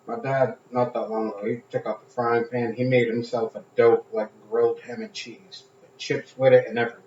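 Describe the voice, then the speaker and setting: A man's voice: medium pitch, brisk, a little hiss or hum. A man in casual chat, telling stories with acted-out quotes and frequent swearing. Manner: animated storyteller acting out quotes, swears freely. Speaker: podcast co-host. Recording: echoey room, dull sound.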